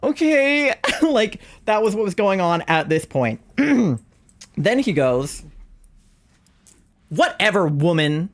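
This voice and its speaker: A young adult live streamer casually telling a story to chat, animated and wry, laughing often. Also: takes it slowly. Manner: animated, laughs often, big swings in pitch.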